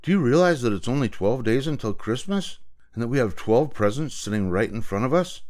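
A man's voice: medium pitch, expressive, fairly quick, a little mellow, voice pushed up, natural voice. An older man voicing an eager, breathless young boy with a big plan. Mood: pleading. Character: excitable scheming young boy.

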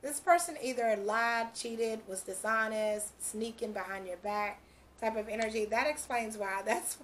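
A woman's voice: on the high side, slight background noise. Chatty woman giving a tarot reading. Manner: chatty, laughs often, quotes imagined speech. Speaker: tarot reader.

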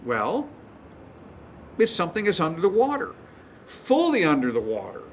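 A man's voice: fairly high pitch, huge pitch swings, normal speed, slight background noise. A male pastor teaching a sermon, retelling stories in a folksy, chuckling way.

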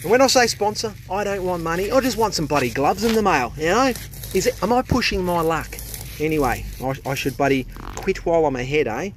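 Australian plumber vlogging on his phone, casual and jokey, a bit higher voice, faint outdoor noise. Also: lively intonation, fairly quick. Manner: chatty and jokey, swears casually. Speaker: plumber filming his job. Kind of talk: casual on-the-job vlog. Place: outdoors at a drain. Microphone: handheld phone.

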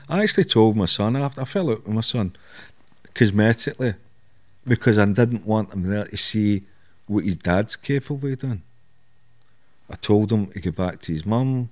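A man's voice: on the low side, normal speed, a little mellow. A middle-aged Scottish man, a podcast guest, telling blunt stories in a candid interview, swearing and laughing at himself.

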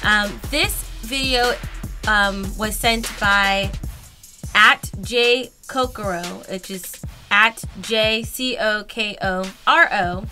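A woman hosting a gaming reaction video at her computer desk, gasping and exclaiming loudly as she watches. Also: medium pitch, takes it slowly. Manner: excitable, loud exclamations and gasps. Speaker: YouTube gaming host. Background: music and sound from the clips she reacts to.

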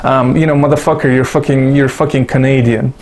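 A Russian-born man rambles through casual commentary for his online audience. He is sarcastic and profane, with frequent self-mocking asides. His pitch sits in an ordinary middle range for a man. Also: little pitch movement, brisk, a little mellow. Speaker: YouTube commentator.

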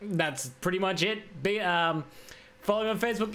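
A gaming YouTuber with a high, fairly bright voice gives casual gameplay commentary at a normal pace, playfully coaxing the crocodile in the game. Recorded on a USB desk microphone, the clip has soft background music plus game noise and clicks.

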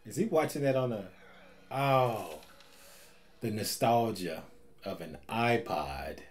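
Slow, animated joking man. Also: lowish voice. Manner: playful quips and wordplay between chuckles. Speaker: movie reaction host. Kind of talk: casual movie reaction commentary.

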